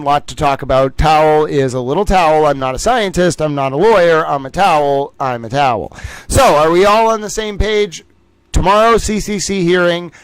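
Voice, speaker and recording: A playful man hosts a casual livestream, joking about himself and calling out trivia rounds like a game-show announcer. His voice sits a little higher than most men's, and the sound is dry and close with no room echo. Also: clean tone. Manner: playful, jokey, self-mocking. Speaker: livestream host.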